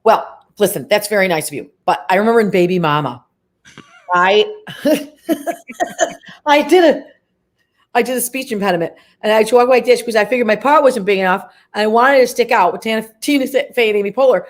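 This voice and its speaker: A woman's voice: medium pitch, fairly quick. Talkative woman telling showbiz stories. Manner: lively storytelling, acts out quoted voices. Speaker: actress guest. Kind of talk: interview conversation.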